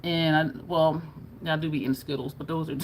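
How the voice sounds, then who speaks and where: A woman's voice: sits low, fairly even intonation, a little fast, slight background noise. Chatty woman telling a story. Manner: chatty, laughing, demonstrating on her own jaw. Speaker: beauty vlogger. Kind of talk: casual storytelling to camera.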